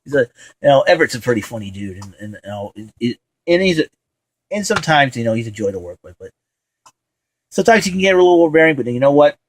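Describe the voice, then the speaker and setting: A man's voice: mid-range voice, sing-song, fast talker, slight background noise, low-quality recording. A man hosting a casual holiday vlog from home, rambling and enthusiastic, full of fillers. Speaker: show host.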